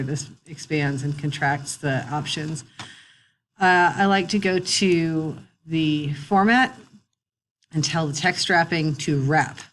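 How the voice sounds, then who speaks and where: A middle-aged woman teacher, recording a relaxed, chatty screen tutorial with wry asides, talking into a computer mic. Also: sits low, a little hiss or hum.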